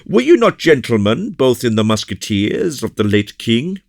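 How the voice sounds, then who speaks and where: A man's voice: medium pitch, very animated, moderate pace, gravelly, no echo, clean studio sound, voice pushed up. A man voicing a polite, gallant young male officer, reading in an eager, courteous manner.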